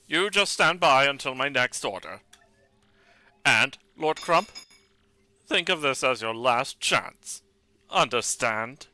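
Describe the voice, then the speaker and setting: A man reading a villainous male leader's lines in a slow, stern, commanding way on a live stream. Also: mid-range voice, lively intonation, pushed and bright, dry recording, heavily acted. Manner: slow, stern, barked orders.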